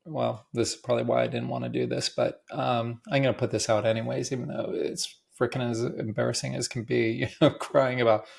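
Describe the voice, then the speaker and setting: A man hosting a podcast, talking in a halting way with many restarts and deep breaths, his voice cracking at times and emotional. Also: level tone, gravelly. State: emotional, close to tears. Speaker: podcast host. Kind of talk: personal monologue.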